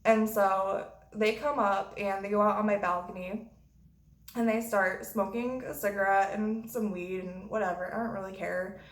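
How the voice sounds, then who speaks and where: A woman's voice: medium pitch, steady tone, normal speed. A woman vlogger telling a story in a blunt, profane way. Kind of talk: storytime vlog. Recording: roomy echo.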